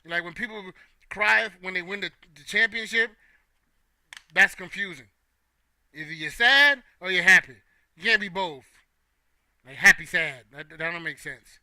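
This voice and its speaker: Bright-voiced man joking casually. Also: high voice, measured pace, long pauses. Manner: playful, banters with chat. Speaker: host. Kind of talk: casual opinion talk.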